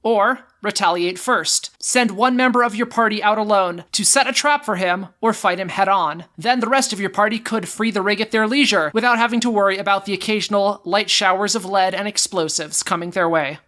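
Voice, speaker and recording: A woman narrating as game master, setting scenes in a measured way and handing turns to players. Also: mid-range voice, a bit bright.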